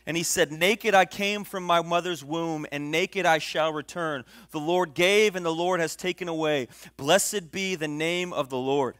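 A man's voice: a little high, a little slow, hardly any pauses, no room sound. Dynamic preaching man, dry sound. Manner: dynamic preaching, swings from hushed to loud emphatic. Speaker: pastor. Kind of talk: sermon.

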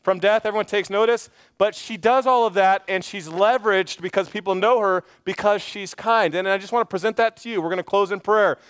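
Male pastor, sermon delivery, earnest and chatty, high clear voice. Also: fairly bright tone, no echo, clean studio sound. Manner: earnest, conversational preaching with quick asides and repeated phrases. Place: church stage.

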